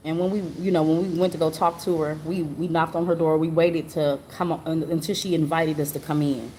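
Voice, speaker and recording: Earnest low-voiced woman telling a story. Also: fairly even intonation, a little fast, hardly any pauses, a little mellow. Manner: earnest and repetitive, often asks the listener "you know what I'm saying?". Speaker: live stream host. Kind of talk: casual personal storytelling. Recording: noticeable background noise.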